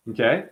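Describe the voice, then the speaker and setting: A man hosting his own channel, delivering a combative, mocking, profane rant to camera. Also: lo-fi sound. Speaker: channel host. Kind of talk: profane ranting monologue to camera.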